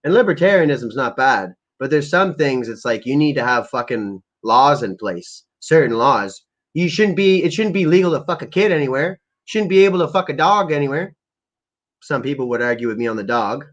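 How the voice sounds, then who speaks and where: A man's voice: medium pitch, animated, moderate pace. A man ranting crudely and rambling on a casual livestream while stoned, as he sets up prank calls. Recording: lo-fi muffled recording.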